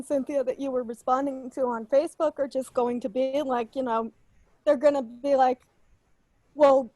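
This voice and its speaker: A woman's voice: high voice, a little mellow, dry recording, low-quality recording. A woman co-hosting a podcast over a video call, speaking emphatically and backing up the man telling the story. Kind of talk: casual chat.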